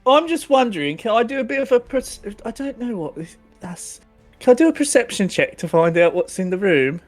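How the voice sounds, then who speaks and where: A tabletop player whose pitch swings widely as they joke, swear and laugh through the session. Faint music sits underneath the chat. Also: sing-song, brisk. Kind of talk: casual tabletop game chat.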